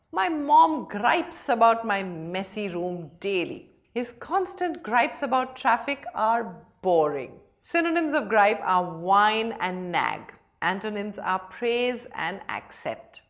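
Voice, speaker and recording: A young woman teaching vocabulary in a lively, animated way. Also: a little high. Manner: lively, animated explaining with hand gestures. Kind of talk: vocabulary lesson.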